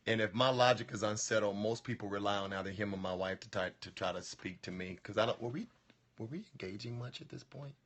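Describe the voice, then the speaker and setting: A man's voice: on the low side, fast talker, fairly bright tone. A man in casual conversation, chiming in with short reactions before telling his side of the story.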